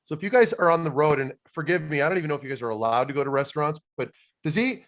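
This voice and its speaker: A man's voice: on the high side, lively intonation, racing. A man co-hosting a podcast, chatty and joking, asking long rambling questions. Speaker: podcast co-host. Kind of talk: casual interview chat.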